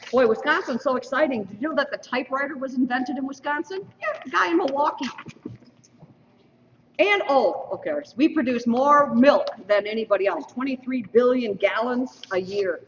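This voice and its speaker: In a roomy school hall, a woman emcees a mock election, announcing results with energy and tossing playful trivia asides to the crowd. Her voice sits high and is expressive, at a moderate pace. She's far from the mic on a dull lo-fi stream with slight background noise.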